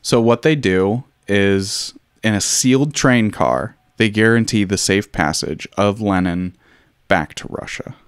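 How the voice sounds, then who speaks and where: A man with a lowish, smooth voice walks through history in a relaxed, chatty way. He fills pauses with ums and drops wry asides. The sound is dry and close, with no room around it. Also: dry recording. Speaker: podcast host. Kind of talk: casual history chat.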